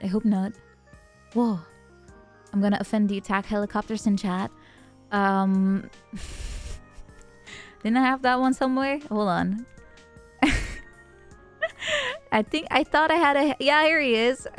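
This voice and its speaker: A woman's voice: medium pitch, clear, resonant tone. A woman streamer chatting casually with her viewers, laughing often and greeting them by name. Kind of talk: casual livestream chat.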